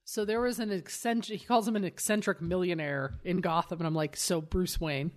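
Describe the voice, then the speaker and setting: A podcast co-host chatting casually about a cartoon, quick with geeky references and laughing asides. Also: mid-range voice, steady tone. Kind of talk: casual chat recapping a cartoon.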